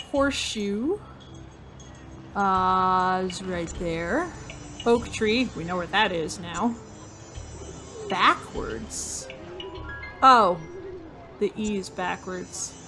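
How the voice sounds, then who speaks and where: Woman gamer, slow musing commentary, talks to herself, faint game music behind. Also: mid-range voice, a bit bright. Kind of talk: casual let's-play commentary.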